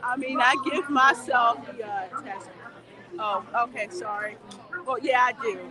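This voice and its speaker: A woman's voice: on the high side, unhurried. A woman hosting a casual theme park livestream, chatting and laughing with her viewers as she walks through a queue. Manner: chatty, laughing, talks back to viewer comments. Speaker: livestream host. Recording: busy crowd noise outdoors. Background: crowd chatter.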